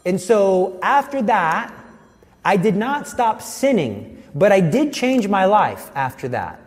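A man's voice: high-pitched, sing-song, slow, long reverb tail. A man giving an earnest personal faith testimony, telling his story vividly.

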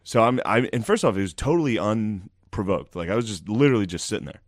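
Low voiced comic guy, dry teasing, flat delivery, no room sound. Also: fast, no room sound. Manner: teasing, dry, deadpan jabs. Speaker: stand-up comic, podcast co-host. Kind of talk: casual podcast chat.

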